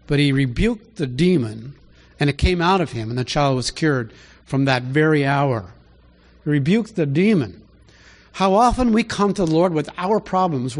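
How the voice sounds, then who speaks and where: A man preaching a conversational Bible teaching, asking rhetorical questions and rising in pitch to stress his points. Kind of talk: sermon teaching.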